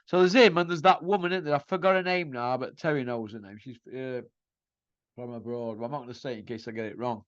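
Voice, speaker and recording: A man's voice: mid-range voice, fast talker, no room sound. Combative man ranting. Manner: mocking, combative, full of rhetorical questions. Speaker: boxing commentary host. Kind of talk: ranting opinion monologue. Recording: dull lo-fi dry sound.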